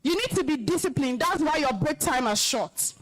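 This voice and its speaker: Nigerian woman speaker, high-pitched and emphatic, stern alumna lecturing students on discipline. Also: animated, normal speed, soft background music, low-quality recording. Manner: scolding, commanding, emphatic. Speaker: alumna guest speaker, compere. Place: school hall, live event.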